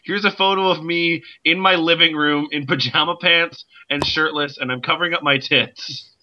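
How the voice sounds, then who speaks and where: A man hosting a comedy podcast, laughing and bantering, breaking into dramatic shouted readings. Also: a little high, steady tone, normal speed, dull audio. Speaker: podcast host.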